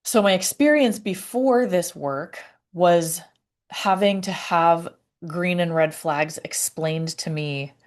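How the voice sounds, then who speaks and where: Woman, vlogger, slow, halting, lower voice, personal reflective talk. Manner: halting, searching for words, frequent fillers and restarts.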